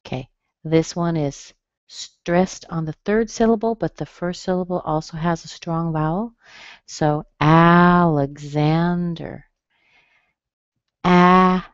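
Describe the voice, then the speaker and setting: Low-voiced woman teaching pronunciation. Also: mellow, no room sound. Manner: slow, careful, over-enunciated demonstrations of stress. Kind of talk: webinar lesson. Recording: dull, dry webinar audio.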